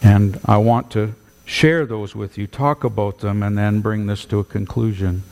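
A male pastor preaching a sermon with emphatic, animated delivery in a church. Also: lowish voice, moderate pace, creaky. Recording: long hall reverb.

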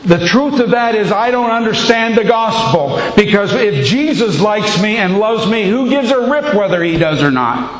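A man's voice: high voice, lively intonation, moderate pace, few pauses, slight background noise. A male pastor preaching a sermon to his congregation, with an emphatic, repetitive cadence. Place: church sanctuary. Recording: echoey hall, faint ambience.

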